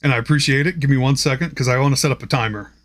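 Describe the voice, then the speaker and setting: A man's voice: medium pitch, very fast. A young man chatting casually and rambling on a live stream while he paints miniatures. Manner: chatty, rambling, loose with fillers.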